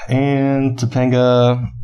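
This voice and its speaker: A man's voice: mid-range voice, monotone, very slow, dark tone, clean tone, lo-fi sound. A man co-hosting a podcast, recapping a TV episode in loose casual chat, laughing often and swearing. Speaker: podcast co-host.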